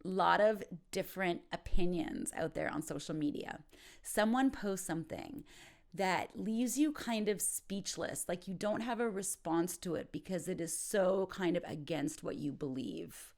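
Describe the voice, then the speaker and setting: A woman teaching an informal English lesson who acts out each exclamation with big, expressive swings. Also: fairly low pitch, measured pace, vocal fry.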